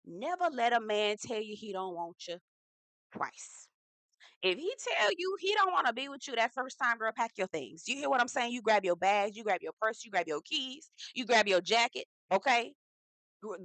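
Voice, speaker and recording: A woman hosting a casual reality TV recap, talking in a sassy, profane, animated way and acting out the quotes herself. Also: a little high, no room sound, poor audio.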